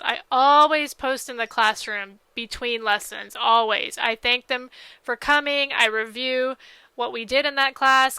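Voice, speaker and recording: A woman's voice: high-pitched, pushed and bright, smooth, dry recording. A woman who teaches preschool classes online, chatting to camera in an upbeat way, tired and losing her voice. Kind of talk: casual talk to camera.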